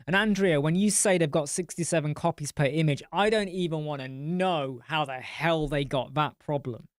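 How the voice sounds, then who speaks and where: A man's voice: on the high side, moderate pace, no room sound, clean studio sound. A man hosting a live-stream chat, swearing bluntly as he tells client stories and answers viewer comments. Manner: blunt and profane. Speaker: host.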